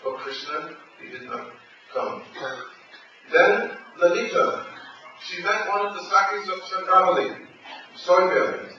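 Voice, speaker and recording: Man, spiritual teacher, devotional story sermon; bright voice, recorded from afar in a roomy hall. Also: sits high, measured pace. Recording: roomy, distant, dull lo-fi recording with faint noise.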